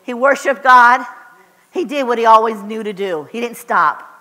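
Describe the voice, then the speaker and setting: A woman's voice: fairly high pitch, moderate pace, bright, forceful tone, long reverb tail. A woman preacher giving a fervent, emphatic sermon in a church, driving points home with short repeated declarations. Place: church sanctuary.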